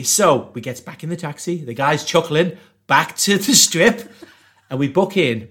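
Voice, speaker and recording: A man's voice: a little high, normal speed, soft background music. A man from northeast England with a Geordie accent, telling travel stories as a podcast guest and laughing often. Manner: animated, laughs often, acts out quotes. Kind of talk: casual storytelling.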